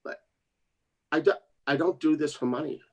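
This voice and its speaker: A man chatting casually on a livestream, laughing often and jumping up high when he quotes others. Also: normal speed.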